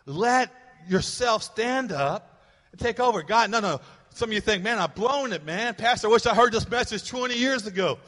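A male pastor delivers an emphatic sermon, hammering his points through repetition. His voice sits high and sounds bright and forceful. The sound rings with the long reverb of a church sanctuary. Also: expressive, normal speed. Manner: emphatic preaching with repeated rising exhortations.

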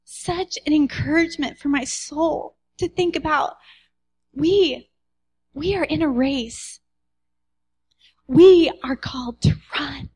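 A woman delivers a personal devotional message in a high, light voice. She tells her story earnestly and sinks to a near whisper at the most tender points. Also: slow.

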